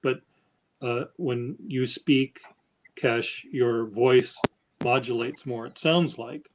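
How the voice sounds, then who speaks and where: A man hosting a casual stream chat, speaking slowly and haltingly in a flat, even tone. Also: medium pitch, rough recording. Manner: slow, halting, self-described monotone. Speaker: stream host.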